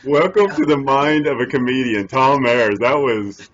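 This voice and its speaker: Male podcast host, mid-pitched, eager, rambling, dull lo-fi sound. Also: normal speed, fairly bright tone. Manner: eager, rambling, restarts a lot. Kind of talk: casual interview chat.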